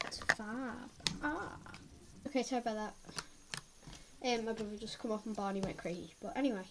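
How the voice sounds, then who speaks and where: A woman with a cold, sniffling as she reviews slime in a chatty, excitable way at home, often gasping and exclaiming. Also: on the high side, normal speed. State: has a head cold, sniffling. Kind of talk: casual unboxing chat. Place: at home, filming on the floor. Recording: loud background noise and clicks.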